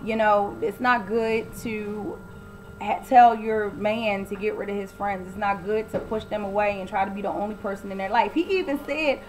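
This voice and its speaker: A woman's voice: mid-range voice, fairly even intonation, normal speed, a little mellow, a little hiss or hum, poor audio. A woman giving a casual, blunt and opinionated recap of a TV episode, often acting out the quoted lines. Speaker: TV recap vlogger.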